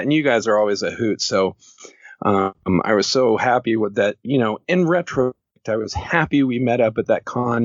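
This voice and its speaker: A man's voice: lowish voice, dry recording. A man talking casually as a podcast guest, joking and rambling and laughing often. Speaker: podcast guest, horror author. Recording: dull lo-fi podcast audio.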